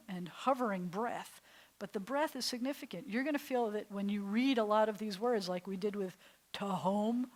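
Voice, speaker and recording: Her voice a little high and her pace moderate, a woman rabbi teaches adults Hebrew with warmth and playfulness, relishing words and dropping to a whisper for effect. The recording is rough.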